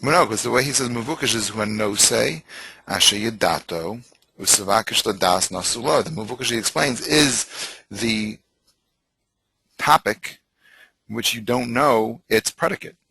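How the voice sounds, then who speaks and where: Hesitant man with a bright, husky voice. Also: lowish voice, normal speed, dry recording, poor audio. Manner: searching for words, hesitant. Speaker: student. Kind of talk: study session, asking questions.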